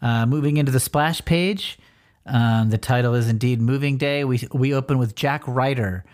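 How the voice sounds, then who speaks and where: A man in casual podcast chat, retelling comic panels and reading the lines in quick put-on voices. His speaking pitch is middle for a man. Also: a little mellow. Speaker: podcast co-host.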